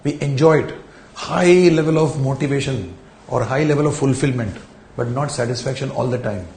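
A man's voice: medium pitch, moderate pace, darkish tone, reverberant, a little hiss or hum. A man giving a recorded lecture to camera, explaining ideas with rhetorical questions and repeating key phrases. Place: indoor room, speaking in front of a camera.

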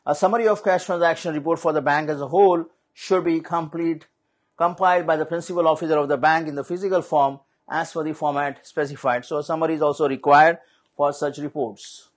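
A man giving a slide-based lecture on banking compliance, measured and explanatory, repeating his key points. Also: on the high side.

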